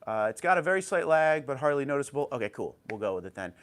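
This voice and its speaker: This fast-talking livestream host from New Jersey is mid-stream at home, chatting into an old tablet with an even, easy pitch. It's casual chat: he names each viewer in greeting and reads their comments back in a friendly way.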